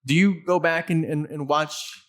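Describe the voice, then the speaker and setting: A man hosting a relaxed conversation with a guest, his voice sitting a little high for a man. He talks in fits and starts, repeating words and restarting sentences as he works out his thoughts. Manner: halting, many restarts and fillers. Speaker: podcast host. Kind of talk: casual chat.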